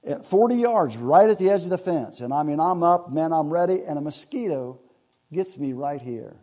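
A man's voice: a little high, animated, moderate pace, dark tone. Folksy man telling a hunting story. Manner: folksy, rambling, laughs while telling. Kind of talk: casual storytelling.

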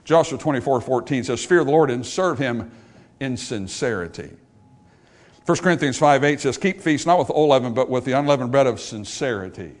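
A pastor preaching a sermon in a church, swinging between emphatic high points and hushed, soft passages. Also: male voice, lively intonation, normal speed. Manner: dynamic preaching, rising to emphatic highs and dropping to hushed lows. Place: church sanctuary.

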